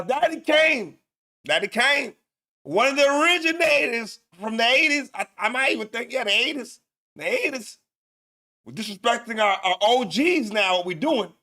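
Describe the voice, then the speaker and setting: A man hosting a casual news commentary show, loud and profane, laughing often and repeating himself. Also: extremely high pitch, sing-song, brisk. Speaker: show host.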